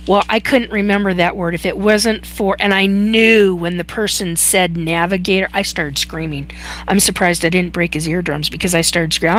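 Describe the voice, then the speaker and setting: A woman hosting a live chat, telling a personal story in a halting way with many fillers and restarts. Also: lowish voice, fairly even intonation, fairly bright tone. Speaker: host.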